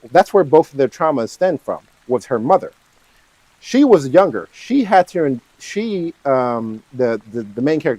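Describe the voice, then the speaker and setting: A channel host with a voice on the high side talks casually on his own about a horror film, captured in a dry recording with poor audio. He rambles, keeps checking in with "right?", and swings animatedly between eager and hushed.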